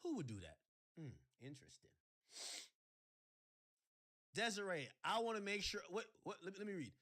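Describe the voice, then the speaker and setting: A man hosting a livestream, ranting sarcastically in casual chat and breaking into shouts. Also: high-pitched, big pitch swings, normal speed. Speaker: livestream host.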